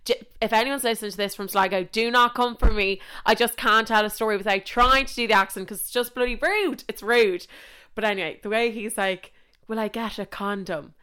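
A young Irish woman hosting a podcast in casual chat, animated and chatty, swearing freely and getting carried away. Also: a little high, fairly quick, clear, resonant tone. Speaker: podcast host.

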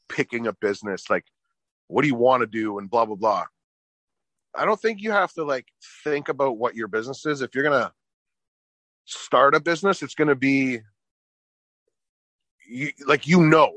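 A middle-aged man, a business owner appearing as a podcast guest, recounts a story casually in a medium-pitched voice, swearing often and animatedly performing everyone's quotes. The recording is dry.

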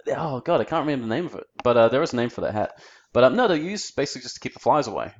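A man's voice: medium pitch, sing-song, rapid-fire, muffled recording. An Australian man chatting casually as a podcast co-host, rambling easily and searching for his words. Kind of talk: casual chat.

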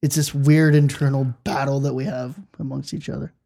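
A man co-hosting a casual hockey podcast, blunt and quick to laugh, with stammering restarts. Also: mid-range voice, level tone, gravelly, warm tone. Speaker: podcast co-host. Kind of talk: casual chat about hockey.

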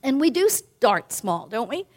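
A woman giving a sermon in a warm, conversational way, often asking "right?" and slowly repeating key lines for emphasis. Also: a little high, sing-song. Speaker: minister.

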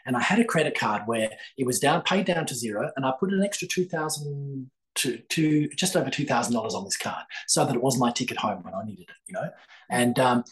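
A man's voice: medium pitch, lively intonation, fairly quick, low-quality recording. Older man telling a story. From Australia. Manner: rambling, many fillers and restarts. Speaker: guest, psychic author. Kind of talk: storytelling in a podcast interview.

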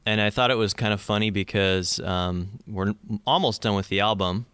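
Bright, crisp-voiced man chatting. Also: fairly low pitch, moderate pace, no room sound. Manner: thoughtful, hesitant, many fillers and restarts. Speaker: album review podcast co-host. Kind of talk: casual chat.

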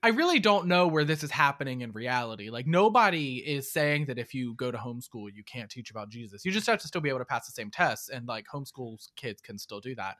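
A man co-hosting a podcast, recapping a movie in casual chat, sarcastic and often mock-quoting in a flat undertone. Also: medium pitch, fast, few pauses. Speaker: podcast co-host.

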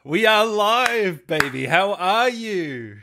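A man's voice: high-pitched, lively intonation, takes it slowly, background noise. A man with an Australian accent hosting an interview, enthusiastic and matey with casual slang. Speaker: interview host.

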